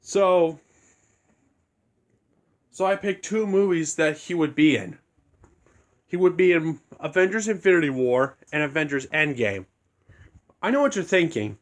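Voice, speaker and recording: Loosely and without a script, a young man who makes videos talks his way through a fan scenario in a fairly high voice. He keeps things casual and often starts sentences over.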